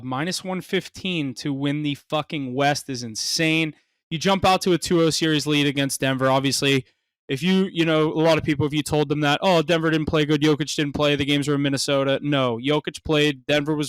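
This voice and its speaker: A man co-hosting a sports podcast in casual chat, excitable and swearing freely, with rambling restarts. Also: fairly high pitch, dry recording, rough recording. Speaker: podcast co-host.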